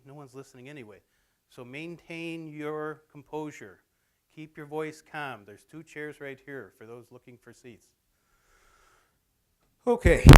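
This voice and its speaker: Middle-aged male presenter, conversational and anecdotal, speaking to a campus audience. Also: fairly high pitch. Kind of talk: informal lecture to students. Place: college theatre, in front of an audience.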